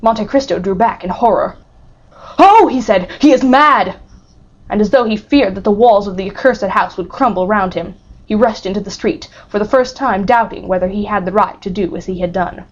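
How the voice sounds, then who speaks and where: A woman's voice: medium pitch, a little fast. Woman reading a classic novel aloud. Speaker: audiobook narrator. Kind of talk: audiobook narration. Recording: muffled lo-fi recording.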